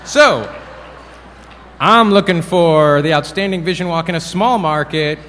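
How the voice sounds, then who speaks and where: Man, award presenter, playful deadpan jokes, slightly high voice, faint room noise. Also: unhurried, in a large hall. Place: event hall.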